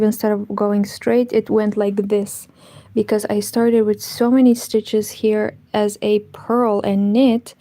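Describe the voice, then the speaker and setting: Woman hosting a relaxed knitting stream, unhurried and gravelly, talking softly to viewers. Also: medium pitch, dry recording, rough recording. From Moldova. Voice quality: soft, partly whispered. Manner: chatty, greets viewers while knitting. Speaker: knitting channel host. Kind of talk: casual livestream chat. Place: home, indoors.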